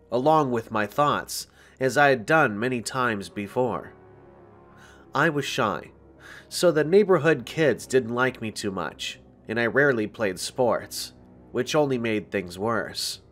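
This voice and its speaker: Slow-reading male horror storyteller. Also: mid-range voice, a bit bright. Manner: slow, deliberate first-person storytelling. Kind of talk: scripted horror story narration. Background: faint music.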